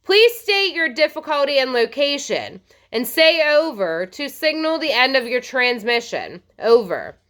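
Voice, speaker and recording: A woman's voice: sits high, very animated, a little slow, hardly any pauses, fairly bright tone, exaggerated voice. A woman reading a clipped male radio operator. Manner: clipped radio procedure talk.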